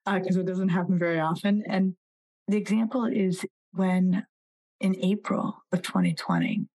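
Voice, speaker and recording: A woman's voice: lowish voice, expressive, normal speed, a little mellow, rough recording. A woman in her forties, a psychologist and author, talking as a guest in a podcast interview and animatedly telling stories, acting out the voices of the people she quotes.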